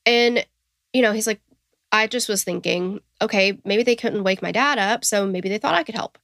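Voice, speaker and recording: A woman with a Southern US accent, co-hosting a true crime podcast in a relaxed, chatty way. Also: mid-range voice, normal speed, creaky, no room sound, studio quality. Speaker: podcast co-host. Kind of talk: casual true crime storytelling.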